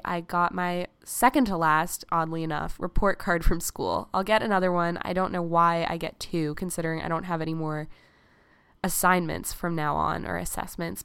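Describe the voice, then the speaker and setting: An eighteen-year-old woman, hoarse from being sick, hosting a casual solo podcast in a chatty, reflective way. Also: mid-range voice, fairly bright tone, dry recording. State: hoarse from illness. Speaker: podcast host.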